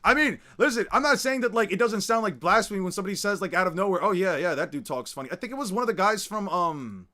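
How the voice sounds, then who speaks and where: A man's voice: high-pitched, animated, quick pace, few pauses, pushed and bright. A young man streaming and chatting casually, rambling through his points with constant filler words and restarts. He is laid-back, laughs easily and swears now and then.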